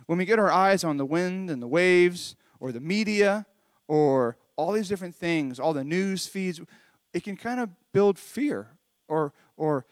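A man's voice: high voice, animated, a little slow. A man with a slightly raised voice gives a children's Bible lesson in an earnest, conversational tone. He retells the story with little restarts. The sound is dry and close, with no room echo. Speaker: children's church pastor. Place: home recording during lockdown.

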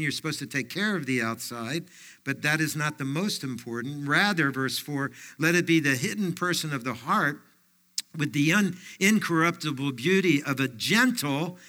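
Older guy preaching, chatty and folksy, lots of you knows, bright voice. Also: on the high side. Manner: folksy, anecdotal preaching with frequent fillers. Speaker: pastor. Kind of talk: sermon.

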